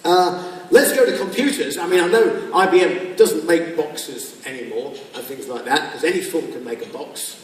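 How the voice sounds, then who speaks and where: A man's voice: on the high side, normal speed. A man giving a humorous business talk to a conference audience, acting out little scenes with quoted voices. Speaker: keynote speaker. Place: large conference hall. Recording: echoey hall from far off.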